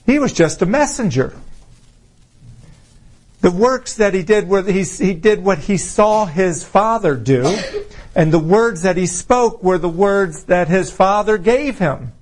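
A man preaching an informal sermon to his fellowship, conversational, full of rhetorical questions, slowing down for emphasis. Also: high voice, animated. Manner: conversational, rhetorical questions, swings between slow emphasis and quick asides.

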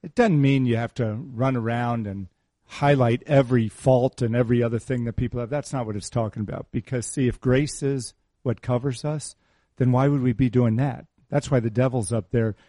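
Middle-aged guy preaching, chatty and teasing, repeats himself, dry mellow voice. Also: mid-range voice, fairly even intonation, normal speed, dry recording. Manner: conversational, teasing, repeats key phrases. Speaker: pastor. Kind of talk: sermon.

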